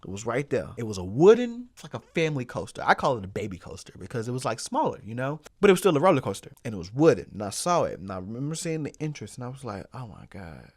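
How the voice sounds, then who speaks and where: A man's voice: mid-range voice, very animated, fast, hardly any pauses, darkish tone, no room sound, studio quality. A young man hosting his own show, telling a personal story casually and repeating phrases for comic effect. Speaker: host.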